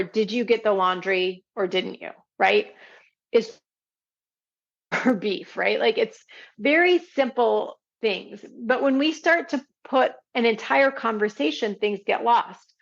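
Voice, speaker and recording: A woman with a somewhat high, creaky voice, its upper frequencies cut off, hosts a podcast as a parenting coach. She teaches conversationally, explaining things step by step and often checking in with listeners by asking "right?"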